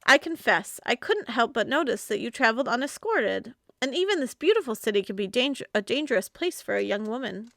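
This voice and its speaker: A woman reading the part of a pompous male swindler who poses as a gentleman with a plummy manner. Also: on the high side, big pitch swings, a little fast, gravelly, hardly any pauses, dry recording, clean studio sound, exaggerated voice. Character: smooth-talking male conman posing as gentleman.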